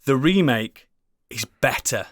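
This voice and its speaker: Slow but expressive, a British man with a medium-pitched, slightly bright voice co-hosts a casual podcast. His enthusiastic rambling is full of swearing and restarts, captured in studio quality with no echo.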